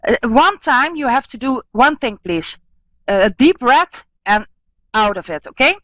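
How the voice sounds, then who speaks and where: Soothing psychic radio host, woman, fairly high voice, dull dry sound. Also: animated, a bit bright, dry recording. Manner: soothing, slow, repeats caller's name. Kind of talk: live radio call-in healing session.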